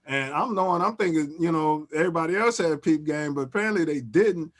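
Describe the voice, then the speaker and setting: A man, hosting and telling a story in casual chat, animated and repeating and restarting his phrases. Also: a little high, fairly quick. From Chicago. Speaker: host.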